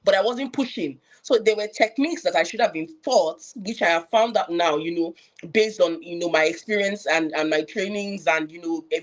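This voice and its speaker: A woman with a Nigerian accent, a public health professional, giving an earnest personal account on a live panel with frequent restarts and fillers. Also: lowish voice. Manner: earnest, reflective, many restarts and "you know" fillers.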